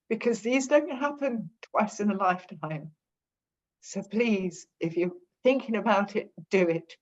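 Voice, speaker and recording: A woman's voice: mid-range voice, a little slow. A woman giving a heartfelt, effusive testimonial on a group call. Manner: emotional, effusive. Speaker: guest participant. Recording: dull lo-fi call audio.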